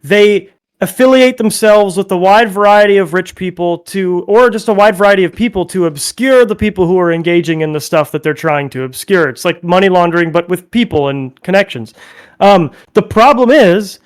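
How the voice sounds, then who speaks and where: A man on a political panel, speaking bluntly and heatedly with frequent profanity. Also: sits high.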